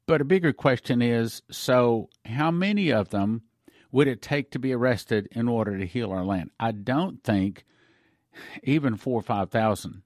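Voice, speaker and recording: A man's voice: mid-range voice, animated, moderate pace, no echo, clean studio sound. A man hosting a Christian broadcast, talking earnestly and growing emotional as he speaks. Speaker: host.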